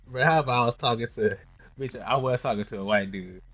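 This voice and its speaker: A man streaming a fighting game, telling stories in a loud, profane, laughing way. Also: medium pitch, fast talker, breathy edge, soft background music. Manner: profane, laughing, animated storytelling. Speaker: gaming streamer. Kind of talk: casual commentary while playing.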